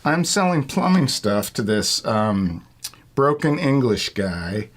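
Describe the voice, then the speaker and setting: A man's voice: medium pitch, very animated, slow pace. A middle-aged man, a longtime retail worker, telling casual stories in a rambling, profane way and laughing as he goes. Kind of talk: casual storytelling.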